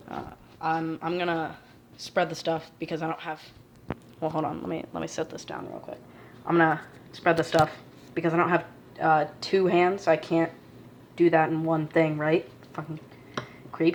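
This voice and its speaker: A woman with a low, fairly flat voice rambles on a casual self-filmed cooking vlog, swearing and talking half to herself. She records on a phone held in one hand in her home kitchen, with a faint hiss behind her. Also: moderate pace, long pauses. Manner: rambling, profane, muttering to herself. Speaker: vlogger.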